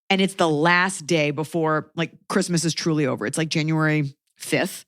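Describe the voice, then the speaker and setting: A woman's voice: low-pitched, fairly even intonation, moderate pace, few pauses, no echo, clean studio sound. A woman in her thirties hosting a podcast, telling a comic story in a sarcastic, exasperated way. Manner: sarcastic, exasperated anecdotes with quoted asides. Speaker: podcast host. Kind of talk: comedic storytelling chat.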